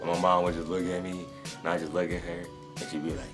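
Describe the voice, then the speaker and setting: A young man tells a long story to camera in a low, deep voice. He rambles, restarting sentences and leaning on fillers as he goes. Faint music plays behind him. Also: flat delivery, fast talker. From North Carolina. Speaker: sneaker vlogger.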